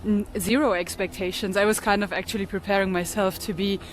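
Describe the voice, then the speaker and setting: A woman's voice: medium pitch, fairly even intonation, brisk. A woman chatting casually on a travel vlog, thoughtful and laughing between remarks. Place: outdoors in a city. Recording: outdoor street noise with traffic.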